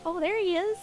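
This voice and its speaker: A young woman streaming a game, chatting casually with her chat and giggling often, a little sniffly with hiccups. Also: extremely high pitch. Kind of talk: casual livestream chat while gaming. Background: game music.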